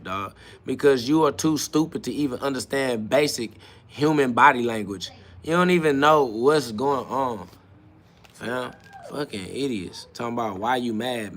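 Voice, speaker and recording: His mid-range voice fairly bright, a man running a live-stream podcast reads comments from the chat and responds to them with confrontational, profane ridicule.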